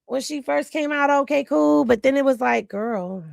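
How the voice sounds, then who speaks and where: A woman hosts a casual livestream from home, talking straight to her viewers in a chatty, gossipy way. She sounds tired and has a fairly high voice with a gravelly edge of fry. The sound is close and dry, picked up by a phone or computer mic. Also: steady tone, a little fast, no echo. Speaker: livestream host.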